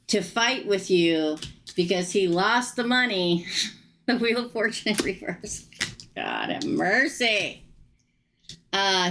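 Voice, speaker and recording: A woman reading tarot on a live stream, chatty and animated, laughing often. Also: lowish voice, a little hiss or hum. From United States. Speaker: tarot reader.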